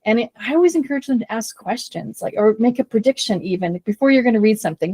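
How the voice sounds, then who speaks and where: A woman tutor co-hosting a casual chat about teaching kids to read, animated and playful with many restarts. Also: a little high, fast, hardly any pauses, no room sound. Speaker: tutor and podcast co-host.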